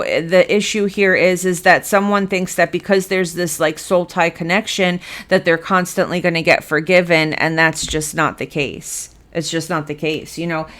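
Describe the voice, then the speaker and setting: A woman's voice: lowish voice, a bit bright, smooth. A woman giving a blunt, emphatic tarot reading, cursing freely as she speaks to her viewers. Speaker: tarot reader.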